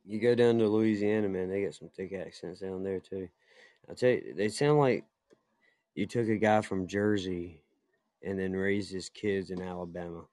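A man's voice: deep voice, moderate pace, warm tone, no echo, studio quality. A man hosting a podcast, bantering casually and laughing often. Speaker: podcast host. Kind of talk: casual chat.

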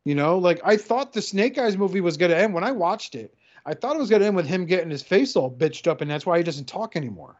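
A man in casual podcast chat, profanely riffing and acting out quick voices. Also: sits high. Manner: animated, profane, acts out voices. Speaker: podcast co-host. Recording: dull lo-fi sound.

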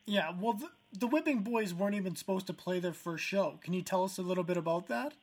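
Male podcast host, pitched high, direct and plain in his questions. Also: lively intonation, quick pace. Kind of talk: interview questions.

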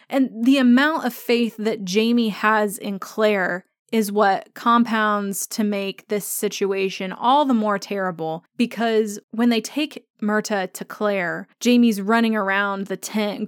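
A woman's voice: medium pitch, steady tone, clear, resonant tone, no room sound, studio quality. A woman hosting a fan podcast, gushing with enthusiasm as she talks through a favorite episode in casual chat. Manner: gushing and enthusiastic, speeding up in rushes. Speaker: podcast host.

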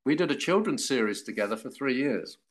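A man's voice: mid-range voice, lively intonation. Older London man telling anecdotes. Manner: anecdotal, halting with fillers and restarts. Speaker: actor guest. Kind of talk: casual interview chat.

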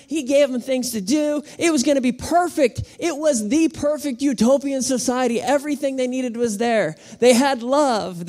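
A woman pastor preaching to a congregation in an animated, playful way, calling on the room to answer back. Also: high voice. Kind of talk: sermon. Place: church auditorium with congregation.

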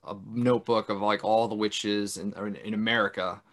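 A man in casual podcast chat, retelling a film's plot with frequent laughs and quick character impressions. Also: fairly low pitch, fairly even intonation, fairly bright tone. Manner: chatty, laughs often, mimics characters in big voices. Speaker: podcast co-host. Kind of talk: casual film recap chat.

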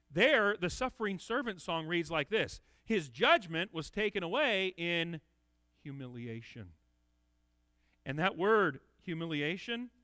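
Guy preaching, earnest n emphatic, kinda high bright voice, dry sound. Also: dry recording. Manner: earnest, emphatic, repeats words when restarting. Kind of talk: expository sermon.

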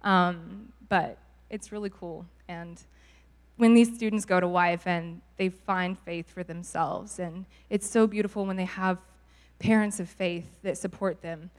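A woman's voice: on the low side, fairly even intonation, measured pace. A young woman telling a church testimony in a bubbly, laughing storytelling way. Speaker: youth ministry leader. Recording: reverberant hall.

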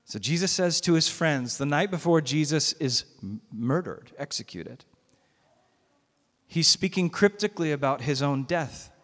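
A man's voice: a little high, expressive, measured pace, fairly bright tone. Conversational preaching man, hall reverb. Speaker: pastor. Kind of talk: sermon. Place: church sanctuary. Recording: long reverb of a church hall.

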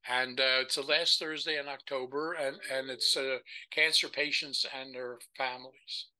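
An older man, a podcast guest, telling stories in a lively way and acting out the people he quotes. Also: mid-range voice, normal speed, poor audio. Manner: animated storyteller who acts out the voices of the people he quotes. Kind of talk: storytelling conversation.

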